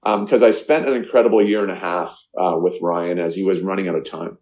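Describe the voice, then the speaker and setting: Man, middle-aged, from Canada, earnest storytelling, halting with fillers, low voice, dull lo-fi sound. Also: steady tone, a little mellow. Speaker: guest, charity founder. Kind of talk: emotional storytelling in a podcast interview. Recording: echoey, muffled lo-fi sound.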